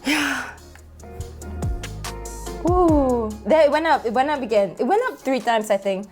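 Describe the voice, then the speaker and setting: A young woman vlogger talking excitedly over her own video, full of exclamations and fillers, with faint music behind her. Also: high voice, a little slow. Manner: gushing, exclamatory, many fillers.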